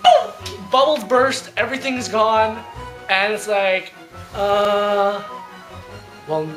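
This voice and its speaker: A young man with a high voice, recorded in a roomy space with the mic set back. He chats casually and laughs at himself. Soft music runs underneath. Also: unhurried. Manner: laughing, self-deprecating. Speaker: panel member. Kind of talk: casual opinion chat.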